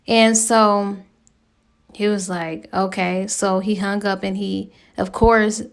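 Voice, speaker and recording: A woman's voice: mid-range voice, level tone, slow, creaky, clean tone. A woman giving a chatty, slangy spoken recap of a novel's plot as a book reviewer.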